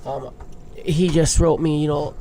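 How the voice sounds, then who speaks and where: A thirtysomething big wave surfer from Hawaii, appearing as a podcast guest, shares his life story openly and emotionally with casual cursing. His voice is a little high and warm, fairly even in intonation, at a measured pace, with a little hiss or hum.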